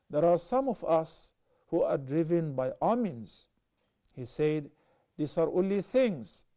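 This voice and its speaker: A man explaining a hadith in a measured way, often restating himself as he teaches. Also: fairly high pitch, warm tone. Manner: measured, explanatory, with repeated self-corrections. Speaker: Islamic teacher.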